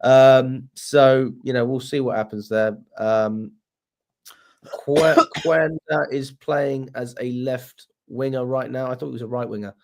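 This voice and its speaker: A man's voice: mid-range voice, unhurried, a little mellow. A young man, hosting a casual fan livestream, chatty and swearing freely. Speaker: fan channel host.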